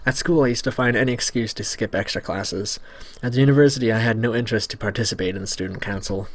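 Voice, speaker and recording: A man's voice: lowish voice, fast talker. A man casually reading a visual novel aloud, stumbling over words and adding joking asides. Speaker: Let's Play host.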